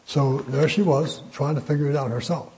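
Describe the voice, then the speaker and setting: An older man teaching a Bible study in a folksy, conversational way, pausing often with fillers. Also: a little high, steady tone, a little mellow, slightly rough, rough recording.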